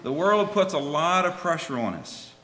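Animated man preaching in an echoey hall. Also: moderate pace, faint music behind. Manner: animated, swinging from soft low asides to loud high pleas. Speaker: lay preacher. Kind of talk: sermon with a children's story. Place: church. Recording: echoey hall with faint ambience.

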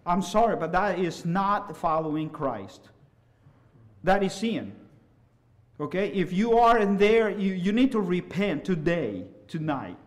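A middle-aged man preaching a sermon, swinging from loud, impassioned hollering down to soft, quiet asides. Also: high voice, big pitch swings, unhurried.

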